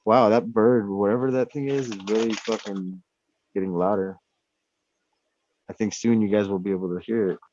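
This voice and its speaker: A man in casual chat, talking at home in a rambling, profane, animated way. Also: lowish voice, moderate pace, pauses often. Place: indoors at home. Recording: dull lo-fi sound.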